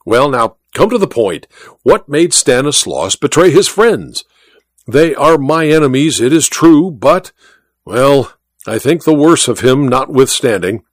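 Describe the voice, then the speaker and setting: A man's voice: mid-range voice, animated, measured pace, no echo, studio quality. A man voicing a pompous, irascible old duke in an audiobook reading, blustering and exclamatory. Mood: imperious. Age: older. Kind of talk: audiobook character voice.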